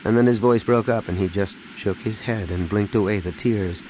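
A man reading an audiobook in a measured, dramatic narration. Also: fairly low pitch, background noise. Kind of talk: scripted narration.

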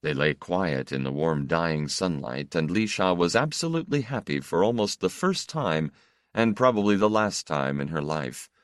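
Deep-voiced male audiobook narrator. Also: expressive, normal speed, no room sound, clean studio sound.

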